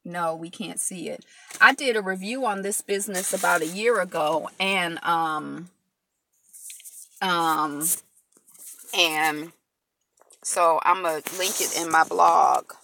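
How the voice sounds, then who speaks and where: A woman's voice: on the low side, slow pace, gravelly, pauses often, pushed and bright, a little hiss or hum. A woman chatting casually to viewers while eating on a live stream, rambling with lots of fillers and answering comments as they come in. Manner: loose, rambling talk full of fillers. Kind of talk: casual mukbang live chat. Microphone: phone camera.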